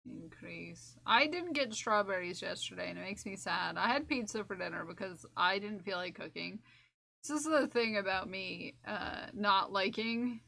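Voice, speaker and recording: A woman's voice: medium pitch, expressive, normal speed, vocal fry, sharp tone. A woman streamer chatting casually while crocheting, repeating her own phrases to herself as she works.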